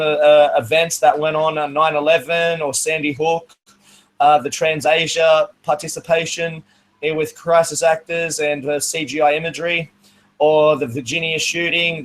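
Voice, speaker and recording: A man hosting an online talk show in a measured, hesitant way and inviting listeners to join. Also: on the high side, fairly bright tone, low-quality recording. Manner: measured, hesitant, many "uh" fillers.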